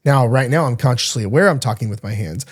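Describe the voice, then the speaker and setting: A man's voice: mid-range voice, quick pace. A man hosting a podcast as a diet coach, giving a blunt, emphatic monologue and swearing freely.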